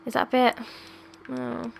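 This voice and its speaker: A woman giving casual gameplay commentary. She is chatty and a little hesitant, wandering into asides. Her voice is gravelly and fairly flat in pitch. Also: a little slow, slight background noise. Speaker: gaming channel host.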